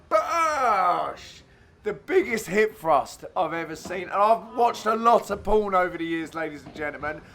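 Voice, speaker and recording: A man with a bright, forceful voice pitched a little high commentates on an amateur padel match in a cheeky comic voice-over. He banters crudely and bursts into sudden shouts.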